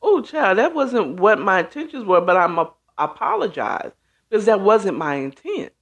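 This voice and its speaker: A woman's voice: mid-range voice, big pitch swings, moderate pace, lo-fi sound. A woman hosting a casual talk show, speaking emphatically and acting out quoted reactions as she goes. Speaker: host.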